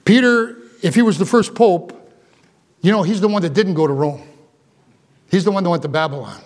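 A man preaching a sermon to a morning congregation as pastor. He is animated and full of asides, repeats words and restarts his sentences. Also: high-pitched, a little fast.

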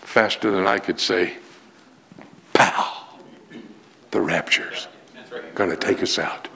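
A male preacher delivering a storytelling sermon in a dramatic, animated way with emphatic pauses. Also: low-pitched, vocal fry.

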